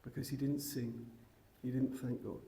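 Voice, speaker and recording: A middle-aged man, a rabbi teaching a women's seminary class, who tells a story, asks the class rhetorical questions and grows loud and excited, switching between Hebrew and English. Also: mid-range voice, normal speed, creaky. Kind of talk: lively Torah lecture with storytelling.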